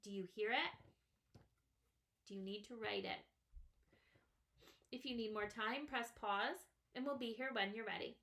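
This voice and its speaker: Woman, first grade teacher, slightly high voice, slow and patient, sounds out every word part. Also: pushed and bright. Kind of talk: slow, clearly sounded-out phonics lesson. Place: classroom or home, writing on a small board.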